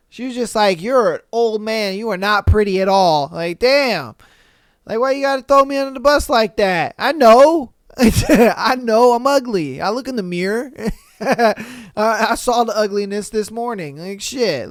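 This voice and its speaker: Brief: male podcast host, smooth clear voice, dry close sound, crude slangy commentary. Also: high voice, no echo. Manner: profane, slangy, laughing reactions. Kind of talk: casual podcast reading listener posts with commentary.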